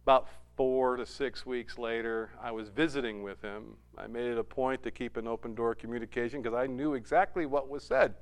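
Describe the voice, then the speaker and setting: A man's voice: medium pitch, brisk, hardly any pauses. A middle-aged man preaching a sermon, telling a family story and rising to emphatic peaks. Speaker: pastor.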